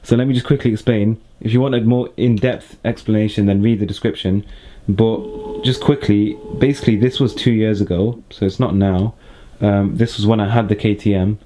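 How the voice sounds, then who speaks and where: Chill young dude vlogging, lowish voice, rambly and relaxed. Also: male voice, normal speed, few pauses. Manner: chatty, laid-back, rambling with fillers. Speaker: motorcycle vlogger. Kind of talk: casual vlog chat to camera.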